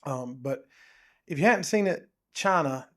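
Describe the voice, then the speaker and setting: A man co-hosting a podcast, talking in a casual, animated and rambling way. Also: on the high side, unhurried. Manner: animated, rambling, says "dude" and "um" often. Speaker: podcast co-host. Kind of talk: casual chat.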